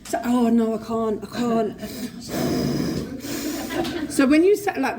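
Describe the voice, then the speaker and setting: A woman with a London accent tells her own recovery story to a live convention audience, speaking into a podium microphone. She swears freely and slips into the voices of the other people in her story, with her voice sitting a touch high. A faint wash of room ambience sits behind her. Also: slow, long pauses, background noise. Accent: London English. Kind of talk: live personal recovery share.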